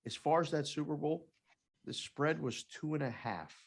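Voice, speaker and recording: A man co-hosting a betting podcast in casual chat, a former oddsmaker who tells an animated story and acts out the people in it. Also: on the high side, moderate pace, husky.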